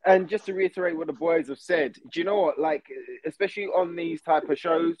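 A man's voice: fairly high pitch, fairly even intonation, brisk, a little mellow, no echo, rough recording. A man who is a podcast guest, talking earnestly and emphatically in casual chat.

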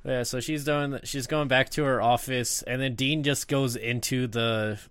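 A man in a casual podcast chat who talks bluntly and swears without holding back. His voice sits in a middle pitch, and the recording is dry and close. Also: fairly even intonation, normal speed, a bit bright, smooth, dry recording. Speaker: podcast panelist. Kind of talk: casual film discussion.

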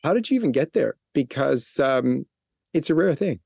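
Gravelly, expressive male interview host. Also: medium pitch, normal speed, dry recording, clean studio sound. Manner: expressive, encouraging interviewer with short prompts. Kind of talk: conversational interview.

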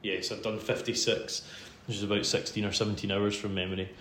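A Scottish man tells a long personal story in a casual podcast chat. He is self-deprecating, laughs a lot, and sits a bit low in pitch. His voice rings in a roomy space over a faint hum. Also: little pitch movement, a little fast, fairly bright tone. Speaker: podcast host interviewed as guest. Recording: roomy room sound with faint background hum.

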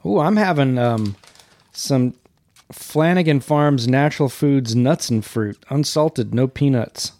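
A man's voice: medium pitch, slow pace, mellow, no echo. A man co-hosting a casual remote podcast, rambling and joking along with his partner. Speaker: podcast co-host.

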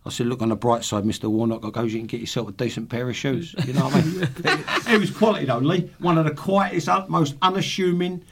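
A man's voice: medium pitch, steady tone, quick pace, hardly any pauses, fairly bright tone, slight background noise. A man in his sixties, a podcast guest, telling swearing football anecdotes with laughs. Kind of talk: casual storytelling.

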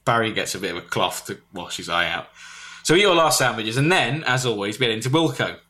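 Animated man telling a comic story. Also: lowish voice, fast talker. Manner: animated, shouts and squeals when quoting others. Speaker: storyteller on a comedy podcast. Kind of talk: comic storytelling with put-on voices.

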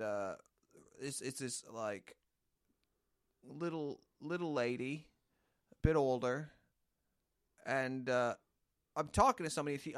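A man co-hosting a casual podcast, telling an indignant story with a lot of spring in his voice, his pitch leaping high and dropping low. The sound is dry and close, with no room around it. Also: no echo. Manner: animated, indignant anecdote telling. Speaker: podcast co-host.

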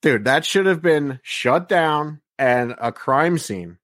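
A man's voice: on the high side, animated, takes it slowly, a bit bright, dry recording. Man, podcast co-host, blunt, profane, casual chat, dry close sound. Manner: blunt, heavy swearing, frequent "like" and "you know". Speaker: podcast co-host reviewing wrestling.

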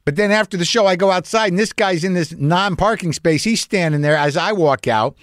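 A man's voice: high voice, fairly quick, fairly bright tone, dry recording, clean studio sound. A man who is a comedian, telling a rambling, profane, anxious story as host of his own show. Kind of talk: storytelling monologue.

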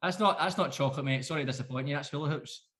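A Scottish man co-hosting a podcast, teasing his co-host in quick banter. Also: on the high side, a bit bright. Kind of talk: casual podcast chat.

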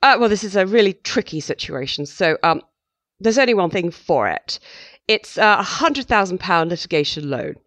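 A woman putting on a posh voice to play a smooth, mercenary male divorce lawyer, plummy and matter-of-fact. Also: lowish voice, big pitch swings, moderate pace, fairly bright tone, no room sound.

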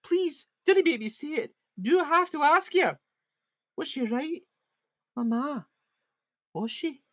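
In a comic table read, a man performs a full character voice as a frightened young Scottish woman, pitched extremely high and well above his own voice. Frantic and pleading, she rambles with lively intonation at a slightly slow pace and a fairly bright tone. The recording is dry, with clean studio sound.

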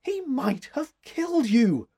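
A man voicing an anxious young woman, husky. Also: high-pitched, huge pitch swings, measured pace, a little mellow, voice pushed up, exaggerated voice. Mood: alarmed. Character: frightened, tender young woman. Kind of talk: audiobook character reading.

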